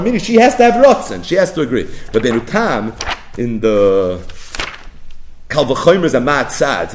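A man teaching a Talmud lesson, chanting quoted texts in a singsong and building to near-shouts. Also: mid-range voice. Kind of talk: yeshiva-style Talmud lecture.

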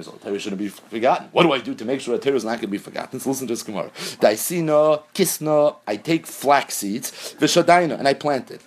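Husky man teaching Talmud in English. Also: medium pitch, animated, quick pace, hardly any pauses. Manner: mixes Yeshivish Hebrew and Aramaic terms into English explanation. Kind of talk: Talmud lesson, translating Aramaic into English.

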